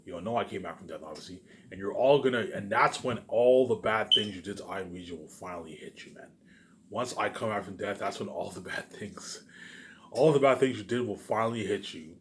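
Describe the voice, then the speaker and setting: A little fast and lowish in voice, the channel host rambles to his viewers on his own, with slight noise in the background. Swearing and grandiose, he talks emphatically and repeats "obviously" and "you know what I'm saying" time after time.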